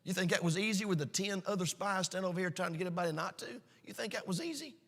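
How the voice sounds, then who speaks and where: A man preaching a sermon, emphatic and storytelling, swinging between shouts and hushed asides. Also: sits high, racing, in a large hall. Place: church sanctuary.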